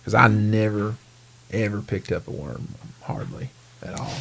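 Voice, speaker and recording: A man hosting a podcast in casual chat, animated and rambling, laughing often. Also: lowish voice, unhurried, gravelly, slight background noise. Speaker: podcast host.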